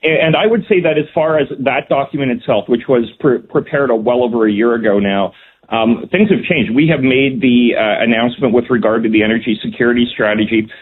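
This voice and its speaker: A man, a provincial minister, defending policy in a radio interview, measured and full of ums. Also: medium pitch, slightly rough. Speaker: provincial cabinet minister, guest. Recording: tinny phone line.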